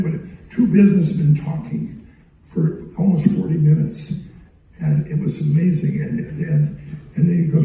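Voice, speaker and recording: A man's voice: on the high side, steady tone, moderate pace, vocal fry, mellow, slight background noise. Rambling man telling stories in an echoing hall. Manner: rambling, quotes people, repeats words. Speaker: public speaker. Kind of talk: storytelling speech to an audience. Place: arts center hall. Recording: echoey hall from a distance.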